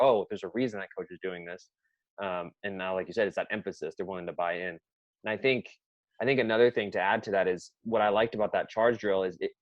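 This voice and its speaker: A man's voice: fairly low pitch, no echo, muffled recording. A man who coaches basketball, chatting casually on a podcast and telling practice stories as he acts out his players' reactions.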